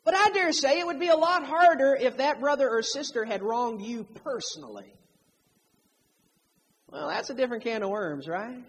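A man's voice: extremely high pitch, expressive, normal speed. A man preaching a sermon, emphatic, drawing out key phrases to stress them. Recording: long hall reverb.

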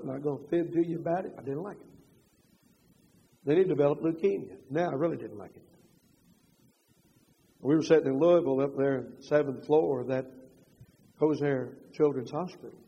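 Older man preaching, husky. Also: on the high side, a little fast. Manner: swings from loud emphatic preaching to quiet confessional storytelling. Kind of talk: sermon. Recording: dull reverberant hall.

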